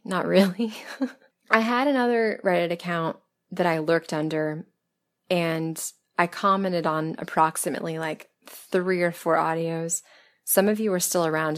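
Woman from the American South, lowish voice, a little hoarse, candid and chatty, casual Q&A monologue. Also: steady tone, moderate pace. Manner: chatty and candid, laughing softly, self-deprecating. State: losing her voice. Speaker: audio script writer and performer answering listener questions. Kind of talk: casual interview-style Q&A monologue.

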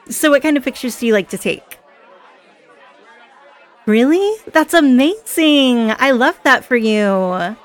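A woman's voice: high-pitched, animated, normal speed, pauses often, some chatter behind. A woman playing a chatty, giggly party girl. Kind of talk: scripted audio role-play.

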